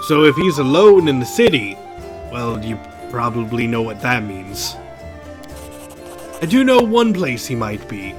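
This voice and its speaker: A man's voice: medium pitch, pitched below the performer's own voice. A man reading aloud as a gloomy, guilt-ridden disgraced male crusader in a video game, in a weary, heavy tone.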